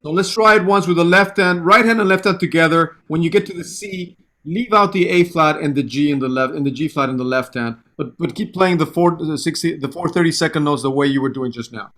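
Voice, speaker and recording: Bright-voiced man teaching piano. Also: fairly high pitch, a little fast, few pauses. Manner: patient, counts beats aloud and sings rhythms. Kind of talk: online music lesson.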